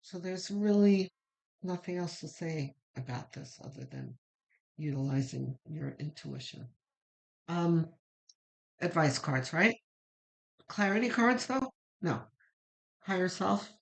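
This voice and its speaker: A woman's voice: fairly low pitch, lively intonation, slow pace, pauses often. A middle-aged woman giving a casual, meandering tarot reading, chatty and full of fillers. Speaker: tarot reader.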